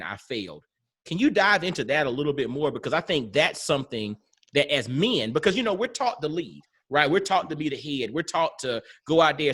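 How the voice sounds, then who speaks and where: A man's voice: on the high side, fairly bright tone, slightly rough. A man in his thirties hosting a podcast, speaking earnestly and reflectively, building his points through analogies. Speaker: podcast host. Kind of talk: casual podcast interview.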